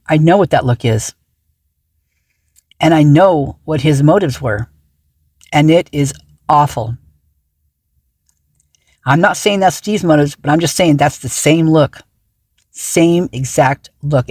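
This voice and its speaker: A woman's voice: low-pitched, moderate pace, pauses often, darkish tone, slightly rough, dry recording, studio quality. A woman hosting a casual reaction commentary, talking in an indignant, agitated way with many restarts and trailing fillers. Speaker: true-crime commentary channel host.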